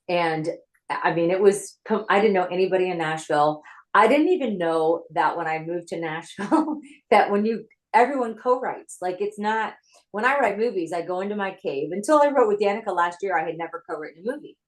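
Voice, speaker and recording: A woman screenwriter and former actress telling her story in an interview, talking in a chatty, animated way from her home office over a video call. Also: lowish voice, a little fast, rough recording.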